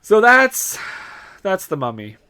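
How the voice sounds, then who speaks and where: A man with a somewhat high voice co-hosts a podcast in loose, joking chat. He laughs often between quick asides, and the sound is dry with no room echo. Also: huge pitch swings, pushed and bright, clean tone. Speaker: podcast co-host. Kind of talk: casual chat.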